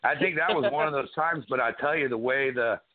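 A man's voice: medium pitch, brisk, no echo. A middle-aged man, a wrestler guest, telling stories in a rambling way with many restarts and fillers. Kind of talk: casual interview chat. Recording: tinny phone-like line.

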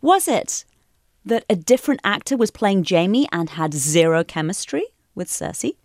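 A woman's voice: mid-range voice, very animated, normal speed, a little mellow, no room sound. A woman hosting a casual podcast quiz, playful and teasing as she quizzes her co-hosts. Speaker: quiz host.

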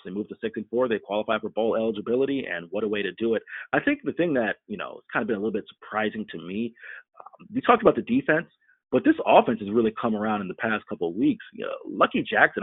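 A man from Florida co-hosting a sports podcast, chatting quickly with lots of "you know" fillers. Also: on the low side, slightly rough, no echo. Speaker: podcast co-host. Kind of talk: casual sports podcast chat. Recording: phone-like narrow sound.

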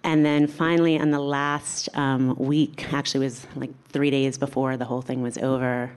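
A woman telling a personal story in a candid, animated way, acting out what other people said. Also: extremely low pitch, moderate pace, clear, resonant tone. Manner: candid, animated, acts out quoted voices.

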